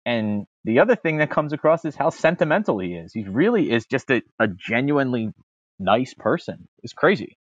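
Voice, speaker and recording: A man co-hosting a podcast, talking in a relaxed, thoughtful way with easy slang. The recording sounds slightly dull and dry. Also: medium pitch, normal speed, husky, no room sound. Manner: relaxed, reflective, says "dude" and "like". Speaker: podcast co-host. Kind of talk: casual chat.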